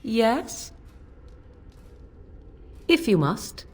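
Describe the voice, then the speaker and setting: Brief: wry, aloof mage, lively and husky. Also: female voice, on the high side, extremely slow, full character voice. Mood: explaining. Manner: archaic, sardonic. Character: wry, aloof woman mage, dry wit.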